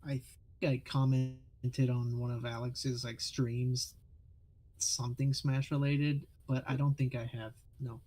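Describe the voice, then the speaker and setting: A man's voice: medium pitch, little pitch movement, measured pace, mellow. A man co-hosting a gaming stream, talking in a laid-back, hesitant way. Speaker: streamer co-host. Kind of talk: casual gaming chat.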